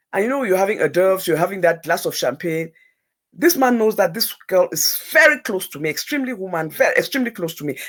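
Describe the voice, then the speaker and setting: A woman telling a personal story on a talk show, emphatic and repeating words for effect. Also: medium pitch.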